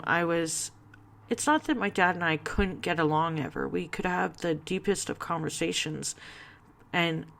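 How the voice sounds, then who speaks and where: Hesitant woman with a gravelly low voice. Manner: halting, hesitant, many fillers and restarts. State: close to tears. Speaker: vlogger. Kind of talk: personal confessional vlog.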